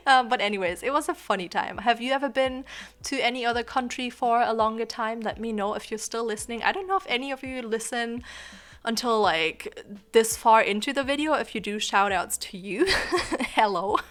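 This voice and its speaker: A woman's voice: fairly high pitch, normal speed, fairly bright tone. A young woman whose first language is not English, chatting casually and rambling as a YouTuber, often breaking into giggles. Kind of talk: casual chat over gameplay.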